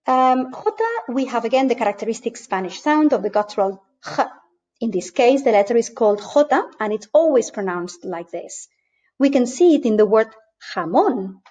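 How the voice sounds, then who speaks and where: A woman language teacher explaining over slides, clear and patient, slowing down to model each sound. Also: on the high side, mellow. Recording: dull lo-fi voice-over.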